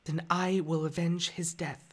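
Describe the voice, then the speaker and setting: A man's voice: on the high side, little pitch movement, measured pace, pitched above the performer's own voice. A man on a live stream doing an impression of a young female Jedi warrior, bold and defiant, leaning hard on the s sounds. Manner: crisp, with heavy stress on the s sounds.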